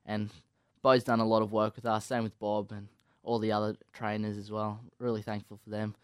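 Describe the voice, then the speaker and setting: Young australian man, even flat delivery, smooth clear voice, dry sound. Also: lowish voice, fairly quick, no echo. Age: young adult. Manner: polite, agreeable, many yeps. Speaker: guest. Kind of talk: casual interview.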